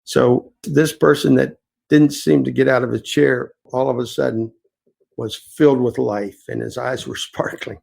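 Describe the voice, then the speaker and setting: Male innkeeper guest, gravelly voice, earnest and reflective. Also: mid-range voice, steady tone, a little slow, darkish tone, poor audio. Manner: earnest, reflective, rambling anecdotes. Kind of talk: storytelling interview answers.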